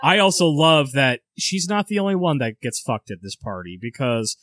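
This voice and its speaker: A man co-hosting a casual movie chat, profane and excitable, laughing often. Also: medium pitch, moderate pace. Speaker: podcast co-host.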